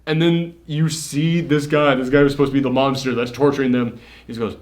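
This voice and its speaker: Male film reviewer, mid pitch, chatty spoiler recap, animated delivery with filler words and swearing. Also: brisk. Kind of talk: casual spoiler review chat.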